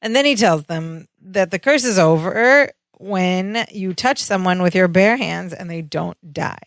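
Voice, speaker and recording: Smooth-voiced woman recapping a plot. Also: lowish voice, unhurried, hardly any pauses, dry recording. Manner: steady storytelling, plot narration. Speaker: podcast co-host. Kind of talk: casual recap chat.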